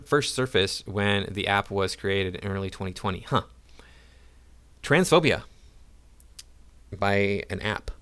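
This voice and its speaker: A male video commentator reads news stories aloud and keeps interrupting them with sarcastic, mocking remarks. His voice sits on the low side. He talks in a casual, off-the-cuff way between the quoted passages. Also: fairly bright tone. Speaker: YouTube commentator.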